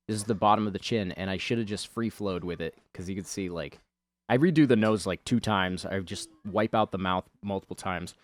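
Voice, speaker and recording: A man's voice: fairly low pitch, no echo. A man giving rambling, chatty voice-over commentary on a video of his drawing, full of fillers.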